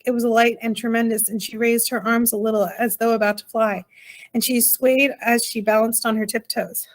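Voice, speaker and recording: A woman narrating a children's novel in a gentle, measured reading voice. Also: fairly high pitch, flat delivery. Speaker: audiobook reader. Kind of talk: storybook narration.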